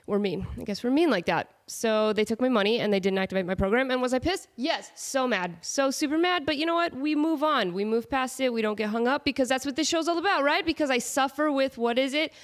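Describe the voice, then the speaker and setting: A woman's voice: sits high, a little fast, few pauses. A woman with a cold and a stuffed-up voice, hosting her podcast in a jokey, sarcastic, rambling monologue. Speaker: podcast host. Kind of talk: casual comedic monologue. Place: home setup with camera on tripod.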